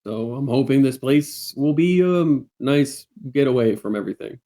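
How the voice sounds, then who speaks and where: A man voicing his character, a gruff former head of military, talking haltingly and earnestly. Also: mid-range voice, lively intonation, pitched above the performer's own voice, close to an everyday voice. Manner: halting, plainspoken, gently earnest. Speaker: player.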